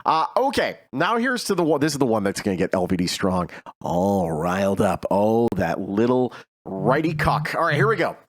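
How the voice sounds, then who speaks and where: Male show host, lively up-and-down delivery, rambling and animated, dry close sound. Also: fairly low pitch, moderate pace, no room sound. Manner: animated, rambling, frequent restarts. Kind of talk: casual chat show banter.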